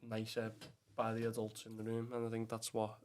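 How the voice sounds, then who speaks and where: A young Englishman with a Liverpool Scouse accent, guesting on a podcast. His voice sits on the low side, monotone, a little fast and slightly mellow, with a bit of background noise. He rambles casually, packs in fillers and swearing, and keeps calling people "lad."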